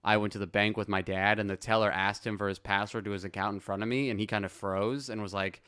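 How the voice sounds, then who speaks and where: A man's voice: on the low side, level tone, fairly bright tone, smooth. A young man co-hosting a comedy podcast, joking in casual banter and mocking himself. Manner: joking, tells deliberately bad jokes, self-mocking.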